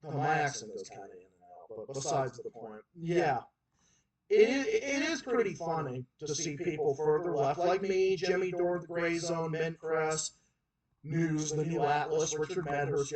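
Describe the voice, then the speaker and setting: A man with a Boston accent rants through a livestream in a fairly high voice, piling on emphatic repeats and false starts. He sits some way from the mic, so the room's echo rings around his words. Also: moderate pace, darkish tone. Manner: heated, repetitive, emphatic ranting with many restarts. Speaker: livestream host. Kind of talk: political rant on a livestream. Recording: roomy echo, far from the mic.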